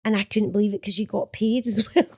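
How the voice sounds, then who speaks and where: A woman's voice: mid-range voice, quick pace, slightly rough. A middle-aged Scottish woman, an actor, chatting in an interview and acting out the quotes in her stories. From Scotland. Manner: chatty, animated, acts out quotes. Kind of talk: casual storytelling interview.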